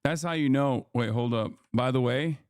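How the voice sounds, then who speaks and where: A man's voice: mid-range voice, moderate pace, music in the background. A man reacting on a live stream, joking and swearing as he talks over a playback.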